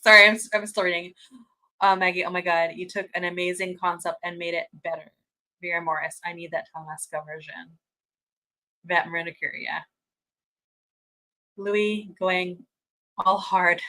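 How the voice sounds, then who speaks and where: A woman with a mid-range voice hosts a fan watch-party stream over poor audio. She chats casually and reads viewer comments, sounding gushing and excitable, laughing frequently and restarting her sentences.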